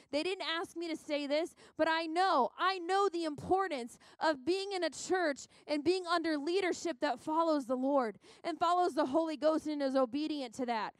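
A woman's voice: high-pitched, dry recording. A young woman pastor preaching at a women's conference, fervent and exhorting, with lots of repetition. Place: church sanctuary.

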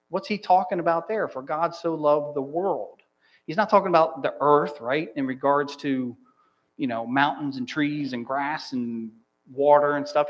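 Emphatic male preacher, slightly high voice. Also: rough recording. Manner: emphatic preaching, stresses single words, slows on key phrases. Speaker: pastor. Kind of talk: sermon. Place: church sanctuary.

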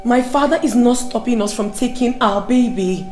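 A woman plays a young Nigerian wife in a film drama, pleading and soothing in a high voice. The sound is roomy, with faint music under it. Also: moderate pace, darkish tone, natural voice. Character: young wife pleading with her angry husband.

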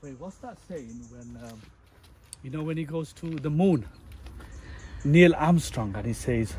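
A man's voice: fairly high pitch, lively intonation, measured pace, long pauses, darkish tone, a little hiss or hum. A man, talking casually to his viewers while walking outdoors on a hillside. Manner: chatty, talks straight to viewers. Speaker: travel vlogger.

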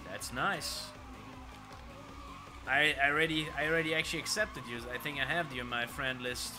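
A man streaming himself playing an arcade racing game, talking casually and excitedly to his viewers and swearing now and then. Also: a little high, normal speed. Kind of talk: live gameplay commentary. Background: arcade racing game music.

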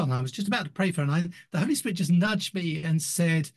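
A man's voice: a little high, quick pace. An older man, a retiring ministry director, telling stories in an interview with many restarts and acted-out quotes. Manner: animated storyteller, acts out quoted voices, many restarts.

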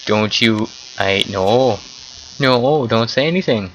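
A young man giving casual, excitable commentary while playing an online game, often swearing and exclaiming at what happens. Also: on the low side, takes it slowly, a little hiss or hum, rough recording. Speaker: gameplay commentator.

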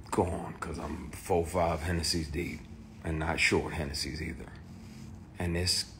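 Deep-voiced man telling a raw story. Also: a little hiss or hum. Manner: emphatic, raw and swearing, with restarts. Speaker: actor. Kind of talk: candid personal testimony.

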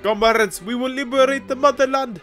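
A man's voice: very high voice, steady tone, a little fast, fairly bright tone, faint music behind, voice pushed up. A man voicing a rousing male Soviet commander who rallies his comrades in a put-on Russian accent. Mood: rallying. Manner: declamatory, rallying.

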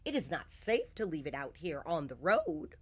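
A woman's voice: low voice, huge pitch swings, normal speed, breathy edge, exaggerated voice. A woman voicing a fluffy hen who keeps crying out old-fashioned exclamations, in a storybook read-aloud. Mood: fussing.

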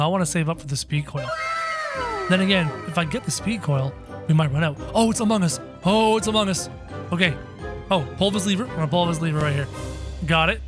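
A man voicing Jax, a jumpy, excitable male cartoon rabbit, chattering through a game and yelping when startled. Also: high voice, close to an everyday voice. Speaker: video game player. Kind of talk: let's-play commentary in character.

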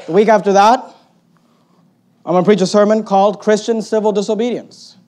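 A male pastor preaching a sermon in an animated way, swinging between loud emphatic bursts and quiet asides, with a sarcastic edge. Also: high-pitched, fairly quick. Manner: sarcastic, mocking quoted opponents in put-on voices.

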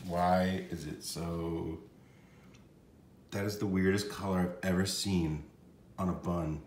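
A man casually reviewing a fast-food sandwich, hesitant and often trailing off while he chews. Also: sits low, slight background noise. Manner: hesitant, trailing off and restarting as he reacts; talks while chewing at times.

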